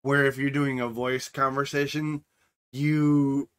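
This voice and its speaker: A middle-aged man co-hosting a podcast in casual chat, rambling and animated, acting out voices as he tells stories. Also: medium pitch, slow pace. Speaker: podcast co-host and streamer.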